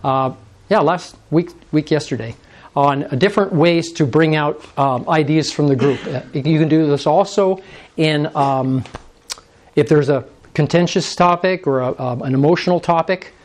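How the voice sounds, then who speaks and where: A man's voice: fairly high pitch, normal speed. A man presenting an interactive workshop, often checking in with the audience. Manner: coaxing, prompts the audience often.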